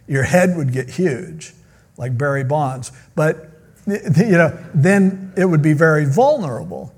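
A man's voice: fairly high pitch, a little mellow, husky. A man preaching a sermon, retelling a Bible story in a casual, joking way. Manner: casual, joking storyteller who acts out quotes. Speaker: pastor.

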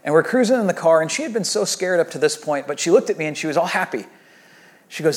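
A pastor in his thirties delivers a sermon in a relaxed, conversational way. His voice sits on the higher side for a man. He moves between animated storytelling and quiet, hushed reflection. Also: fast talker.

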